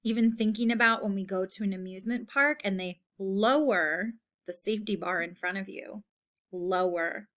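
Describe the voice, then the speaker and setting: A woman teacher giving a recorded phonics lesson to children, slowly drawing out each word for them to hear. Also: medium pitch, a bit bright. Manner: slow, patient, drawn-out word modeling.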